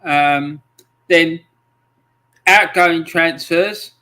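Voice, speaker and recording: Slow-talking bright-voiced man. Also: fairly high pitch. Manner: friendly, chatty, lots of ums and greetings to viewers. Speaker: livestream host. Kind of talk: casual livestream chat, reading out viewer comments.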